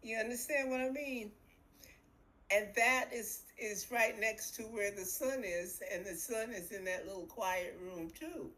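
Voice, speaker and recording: A woman co-hosting a podcast as an astrologer, explaining in a lively, image-rich way over a video call. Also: a little high, measured pace, rough recording. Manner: animated storyteller, uses vivid imagery. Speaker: astrologer co-host. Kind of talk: explanatory casual chat.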